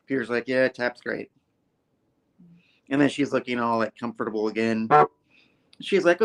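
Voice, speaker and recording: A man hosting a casual comic book review show, retelling a story and jumping into quick character voices. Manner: animated storyteller, jumps high for quoted characters.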